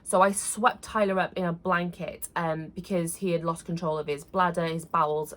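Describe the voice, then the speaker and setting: A woman in her thirties recounts a personal story straight to camera. Her voice sits a little low for a woman, and she talks earnestly and casually, often pausing on fillers and restarting her sentences. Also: steady tone. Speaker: vlogger.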